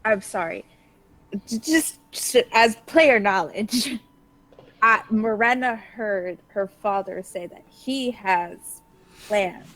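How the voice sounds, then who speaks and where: A woman playing a tabletop game, hesitant and checking things out loud. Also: medium pitch, expressive, slow, poor audio. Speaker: player. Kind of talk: casual tabletop game talk.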